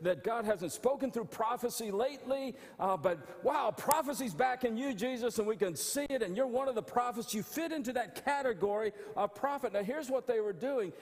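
A male pastor preaching an animated sermon, often restarting phrases. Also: very high-pitched, moderate pace, few pauses, long reverb tail. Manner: animated, stumbling restarts, acting out quotes. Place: church sanctuary.

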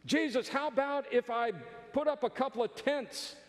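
A man preaching who voices an eager, excited male apostle, stammering with enthusiasm, in a reverberant hall. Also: extremely high pitch, normal speed, pitched above the performer's own voice.

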